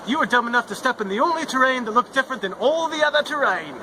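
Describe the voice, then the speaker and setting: A man's voice: very high voice, lively intonation, quick pace. A man in an amateur fan reenactment playing a cocky young hero who talks in a smug, lecturing way. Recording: noisy home recording.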